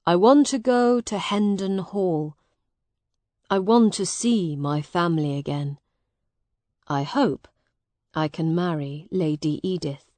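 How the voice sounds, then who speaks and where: Reader's own voice as a gentle weary soldier: patient, warm-hearted, slow, close dry sound. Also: female voice, on the low side, no echo. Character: kind weary young soldier man. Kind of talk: storybook reading.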